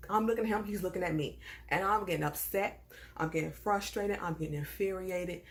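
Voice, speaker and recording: A young woman from the American South with a Southern accent, telling a personal story in a casual, animated and indignant way. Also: lowish voice, brisk. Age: young adult. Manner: animated, indignant, swings between hushed asides and raised outbursts.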